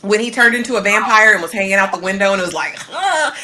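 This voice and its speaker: A woman's voice: medium pitch, racing, sharp tone. A woman co-hosting a casual TV recap discussion, blunt, opinionated and sarcastic in her takes. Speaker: podcast co-host.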